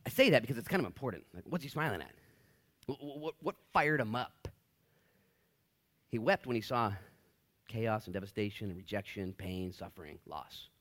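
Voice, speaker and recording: A man preaching a casual, jokey sermon in a church. He swings from loud, excited bursts to hushed whispers. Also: fairly low pitch, normal speed, long pauses. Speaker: pastor. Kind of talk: expository sermon. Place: church sanctuary.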